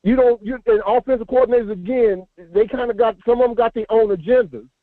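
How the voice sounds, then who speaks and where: A man's voice: extremely high pitch, a little fast, slight background noise. A man calling into a live show, talking in a rambling, emphatic way and repeating his words. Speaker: caller. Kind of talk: casual call-in chat. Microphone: phone. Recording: tinny phone line.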